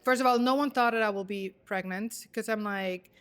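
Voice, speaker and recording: A young adult woman hosting an interview podcast, chatty and casual with quick reactions. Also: mid-range voice, a bit bright. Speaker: podcast host.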